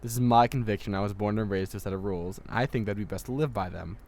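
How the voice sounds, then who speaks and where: A man's voice: fairly low pitch, fast, darkish tone, lightly acted. A man voicing a principled, underage girl trainee in a game let's-play, protesting and indignant. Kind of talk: amateur let's-play voice acting.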